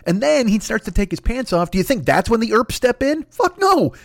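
Middle-aged male podcast host, rapid-fire profane comic rant, slightly high voice. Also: vocal fry, no echo, studio quality. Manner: crude, swearing, animated storytelling.

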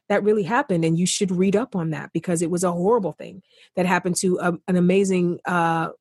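A passionate woman speaking earnestly in a podcast chat. Her voice sits low and husky, and she presses her points by repeating them. The sound is dry and close. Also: no room sound. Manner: passionate, emphatic, repeats for stress. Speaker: podcast guest. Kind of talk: earnest conversation.

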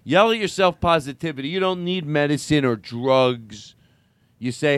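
A man chatting in a loose, deadpan comedic way, often trailing off into mumbles. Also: fairly high pitch, moderate pace, no room sound. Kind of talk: casual comedic chat.

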